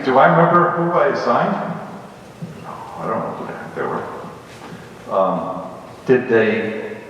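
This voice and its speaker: A man from the Bronx with a New York accent, a police officer telling students his story in a blunt, animated way. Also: on the low side, a little hiss or hum. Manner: blunt, animated retelling with acted quotes. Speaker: retired police lieutenant speaking to students. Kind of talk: storytelling talk. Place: large school hall. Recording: echoey hall, from far off, dull.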